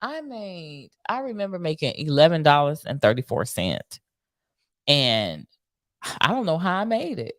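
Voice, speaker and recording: A woman's voice: sits low, big pitch swings, unhurried, no echo, clean studio sound. A woman co-hosting a casual podcast, easygoing and laughing often. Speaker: podcast co-host. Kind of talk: casual chat.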